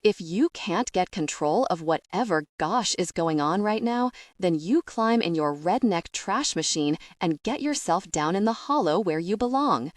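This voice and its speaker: A woman narrator voicing a tiny, fierce young woman in a storybook, sharp and scolding. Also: lowish voice, expressive, unhurried, hardly any pauses, no echo, clean studio sound.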